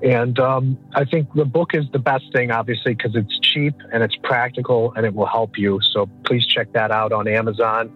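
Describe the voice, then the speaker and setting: A man's voice: mid-range voice, steady tone, moderate pace, few pauses, phone-quality sound, faint music behind. A man who is an author guest on an interview, speaking earnestly in a flowing motivational way.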